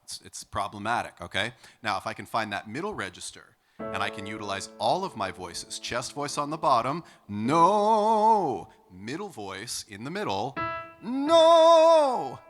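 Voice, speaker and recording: A man's voice: on the low side, expressive, a little fast, music in the background. A middle-aged male vocal coach explaining singing technique in an upbeat way, often checking in with "okay?". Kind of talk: singing lesson with sung demonstrations.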